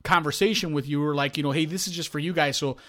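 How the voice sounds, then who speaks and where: A man's voice: fairly high pitch, fairly even intonation, fast talker, fairly bright tone. Teasing podcast co-host, man. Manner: teasing, prods the other host along. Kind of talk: casual comedy podcast chat.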